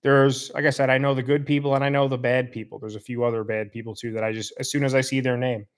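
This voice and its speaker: A man's voice: medium pitch, flat delivery, fast. A man hosting a live stream, greeting chat viewers and then angrily calling out a commenter in a rambling, repetitive way. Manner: rambling, heated call-out with repeated insults. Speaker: host reading live chat.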